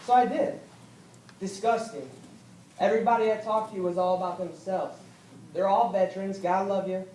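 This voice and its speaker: A man's voice: sits high, fairly even intonation, a little mellow. Earnest young man, echoey hall. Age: young adult. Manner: halting, earnest, repeats himself, rises when upset. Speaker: veteran speaker. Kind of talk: personal speech at a political event. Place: event hall. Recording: echoey hall from far off, faint noise.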